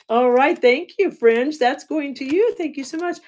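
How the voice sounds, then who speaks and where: A raspy-voiced woman running a live online jewelry auction, chatting with bidders, laughing often and thanking them by name. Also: high voice, animated, a little slow, darkish tone. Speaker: livestream jewelry seller. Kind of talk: live auction selling chat.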